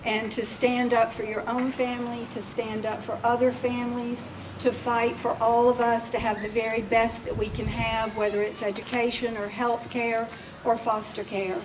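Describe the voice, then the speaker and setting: A woman's voice: on the high side, little pitch movement, normal speed. A woman, speaking as an agency official at a public reception. She talks in a heartfelt, emotional way while presenting awards. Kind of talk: public speech at an event. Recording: distant mic with faint background noise.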